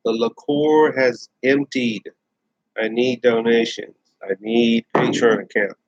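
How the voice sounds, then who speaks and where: A man's voice: medium pitch, takes it slowly, pauses often, dry recording. A man ranting bluntly in casual chat, repeating himself and restarting phrases as he talks. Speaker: host. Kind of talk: casual rant to camera. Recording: dull lo-fi dry sound.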